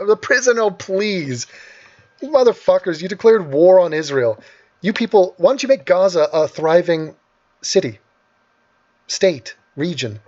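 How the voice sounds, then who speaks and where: A man's voice: sits high, animated, measured pace, darkish tone, muffled recording. A man hosting an angry, sarcastic and profane rant over video clips. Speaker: host.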